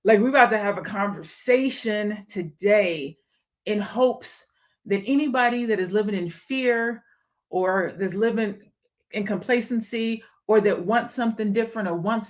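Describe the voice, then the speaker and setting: A young adult woman hosting a casual live stream, talking candidly and emphatically to viewers and greeting them by name. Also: medium pitch. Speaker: live stream host and event promoter.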